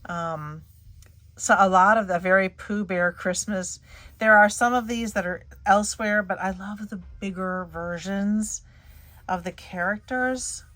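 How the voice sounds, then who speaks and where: A woman's voice: medium pitch, measured pace, fairly bright tone. A middle-aged woman, chatting casually as she shows scrapbook paper, gushing and trailing off mid-sentence. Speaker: scrapbooking channel host. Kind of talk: casual show-and-tell chat.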